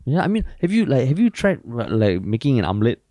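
Podcast co-host: Singaporean man, quick mellow voice, brash and sweary. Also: mid-range voice, no room sound, clean studio sound. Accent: Singaporean English. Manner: brash, swears freely, animated. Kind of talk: casual chat.

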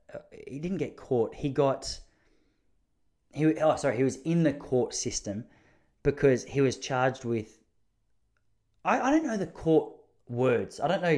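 A man's voice: fairly high pitch, lively intonation, unhurried, pauses often, darkish tone. A man with an Australian accent telling comic stories in a chatty, rambling, self-mocking way. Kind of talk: casual comic storytelling monologue.

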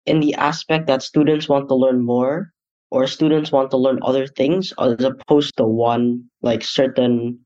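Warm and mid-range, this teen boy's voice stays steady and a little slow as he runs a casual interview for a student podcast. He gropes for words with plenty of "like," and the lo-fi recording sounds dull.

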